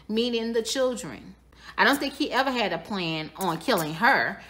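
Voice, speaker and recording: A woman's voice: on the high side, lively intonation, normal speed, sharp tone. Woman casually narrating a tarot reading. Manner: conversational, speculative, repeats phrases, addresses viewers as y'all. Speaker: tarot reader.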